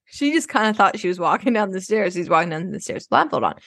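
A woman's voice: medium pitch, lively intonation, quick pace, fairly bright tone, no room sound, studio quality. A woman playing Bonnie, a rambling rich mom. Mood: rambling, chatty. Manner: rambling, breathless oversharing. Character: self-absorbed rich suburban adoptive mom. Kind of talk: improvised comedy podcast.

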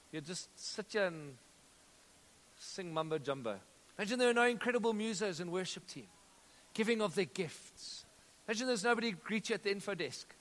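A man preaching a sermon as pastor, energetic, calling out to the congregation and telling stories. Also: high-pitched. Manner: energetic preaching with audience call-outs and storytelling. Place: church auditorium. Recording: long reverb of a church hall.

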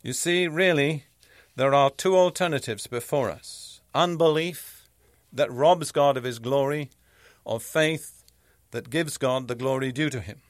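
A man delivers a sermon as a Bible teacher, reading scripture aloud and then explaining it point by point. His voice sits in a middle pitch range, and he speaks in a measured, emphatic way. The recording is dry and close, with no room sound. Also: no room sound.

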